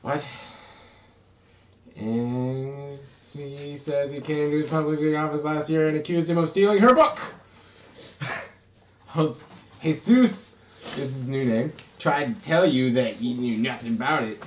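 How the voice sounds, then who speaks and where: A man's voice: fairly high pitch, measured pace, long pauses, recorded from a distance. Giggly man heard from across an echoey room. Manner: playful, giggly, teasing. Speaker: murder mystery party game player. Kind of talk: in-character improv among friends. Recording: echoey room, off mic, faint noise.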